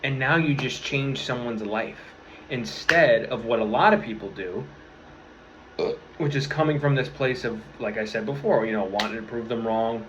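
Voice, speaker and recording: A young New York-area man in his twenties gives a casual motivational talk to camera in a mid-range voice at normal speed. He is earnest and rambling, swears freely and keeps restarting sentences. The slightly dull lo-fi audio has faint room ambience and a noisy background.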